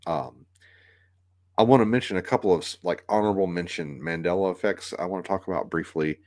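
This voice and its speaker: A man's voice: low-pitched, no echo, clean studio sound. A man hosting a casual solo talk video, rambling with lots of fillers and restarts. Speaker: video host.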